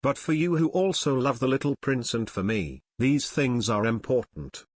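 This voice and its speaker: A man's voice: mid-range voice, normal speed, no echo. Man reading a simple storybook. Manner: plain, even wording with short sentences. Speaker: audiobook narrator.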